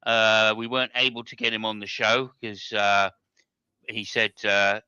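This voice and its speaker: A man's voice: on the low side, little pitch movement, a little slow, sharp tone, clear, resonant tone, no echo, muffled recording. A man hosting a casual motorsport chat over an online call, jokey and rambling with many fillers. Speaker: podcast host.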